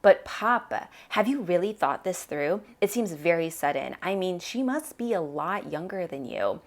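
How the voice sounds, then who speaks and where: A woman reading aloud as a careful, exasperated grown daughter who speaks in a measured, polite way. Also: fairly low pitch, animated. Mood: cautious.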